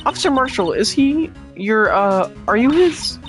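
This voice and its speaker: A man putting on a bashful young woman from a game who stammers through her questions. Her voice is raised and sways widely in pitch, with soft game music behind her. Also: animated, unhurried, heavily acted. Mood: shy. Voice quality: stammering, hesitant.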